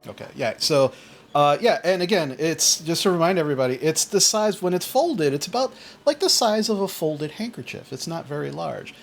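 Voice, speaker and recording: A man's voice: fairly high pitch, big pitch swings, normal speed, creaky, soft background music. A man narrating a tabletop game as game master, rambling with restarts. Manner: rambling, full of fillers and restarts.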